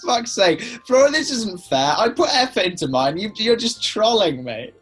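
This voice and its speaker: Husky man trading teasing banter. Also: sits high, sing-song, moderate pace, fairly bright tone, faint music behind. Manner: teasing and sweary, mock-indignant. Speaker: co-host. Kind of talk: casual banter over a drawing game.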